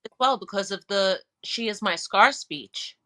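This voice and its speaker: A woman's voice: mid-range voice, unhurried, bright, forceful tone. A woman co-hosting a podcast, chatting casually in an enthusiastic, emphatic way. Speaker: podcast co-host. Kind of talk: casual chat.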